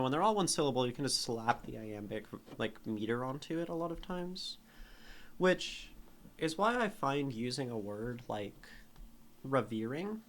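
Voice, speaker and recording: A man reads verse aloud on a live stream and then critiques it syllable by syllable. He speaks at a very unhurried pace, letting each phrase settle. His voice sits at an ordinary middle pitch.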